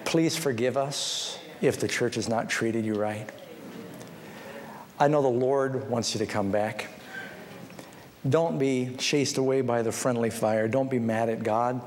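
A man's voice: a little slow, a little mellow. A man preaching a sermon as a pastor, telling stories and acting out the people he quotes, then pleading directly with his listeners. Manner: storytelling, acting out the people he quotes with big pitch swings; pleading, personal appeal to listeners. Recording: hall reverb with faint background noise.

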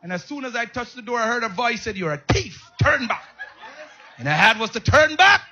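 A man preaching a sermon, calling out to the congregation and swinging between loud shouts and soft asides, often repeating words. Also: very high-pitched, animated, quick pace, breathy edge. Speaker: pastor.

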